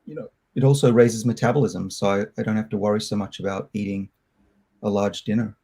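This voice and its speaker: Middle-aged Australian scientist, interview guest; low, warm voice; candid and reflective. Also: male voice, steady tone, breathy edge. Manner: candid, reflective, loose and halting. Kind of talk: conversational interview answers.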